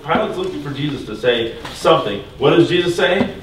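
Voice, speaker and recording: A man's voice: on the high side, animated, fairly quick, noisy background. A man teaching a Bible lesson to a class in a church room, talking casually and quizzing the group with questions. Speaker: religion teacher. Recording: echoey room from far off.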